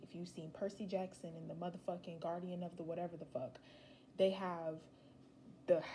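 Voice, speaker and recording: A woman's voice: lowish voice, warm tone, a little hiss or hum, poor audio. A young woman giving a casual, rambling tarot reading, chatty and slangy with emphatic asides. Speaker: tarot reader.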